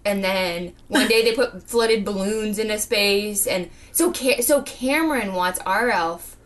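A woman in her thirties co-hosting a podcast, chatting quickly and laughing often. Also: medium pitch. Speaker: podcast co-host. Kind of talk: casual chat. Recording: distant mic with faint background noise.

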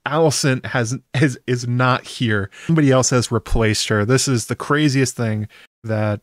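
A man with a mid-range voice offers a chatty, wry episode recap, sprinkling in the occasional swear word. It's a dry, clean studio recording.

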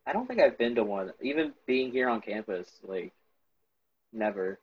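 A man's voice: mid-range voice, lively intonation, moderate pace, slightly rough, muffled recording. A young man chatting casually on a podcast, earnest and full of fillers. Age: young adult. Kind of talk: casual chat.

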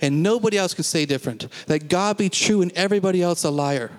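A man's voice: high-pitched, fast talker, in a large hall. A man preaching a sermon to a congregation, emphatic, repeating phrases and asking the listeners questions. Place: church.

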